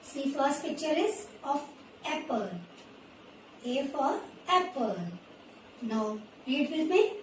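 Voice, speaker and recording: A woman with an Indian English accent teaching nursery children, repeating letters and words slowly and clearly so they can copy her. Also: sits high, expressive, distant mic. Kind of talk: slow, patient classroom teaching to small children. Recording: roomy echo, voice from away from the mic, faint background noise.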